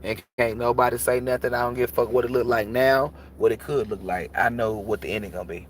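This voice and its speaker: A man's voice: mid-range voice, steady tone, fast talker, slight background noise. A man who reads tarot, talking bluntly and casually on a livestream and preaching about energy with plenty of swearing. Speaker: tarot reader.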